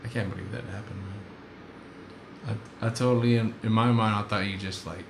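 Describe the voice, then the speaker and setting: A man's voice: lowish voice, steady tone, brisk. A man hosting a podcast in casual chat, reacting in a laid-back, sympathetic way. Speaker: podcast host. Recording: echoey room with clear background noise.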